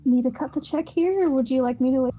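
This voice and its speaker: A woman's voice: high voice, fast, dark tone, muffled recording. A woman voicing a polite, businesslike man who offers to write a donation check.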